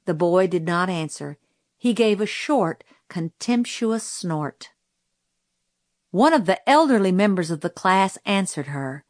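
A woman reading a novel aloud as a storybook narrator, in a measured, deliberate way. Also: lowish voice, animated, no room sound, studio quality. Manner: slow, measured, deliberate delivery. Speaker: audiobook reader.

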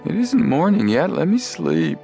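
A grumbling teenage boy roused from sleep, as a male narrator puts him on. The voice sits well above the reader's own low register and drags drowsily. Faint music plays underneath. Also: sing-song, unhurried, gravelly, warm tone, heavily acted. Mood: sleepy.

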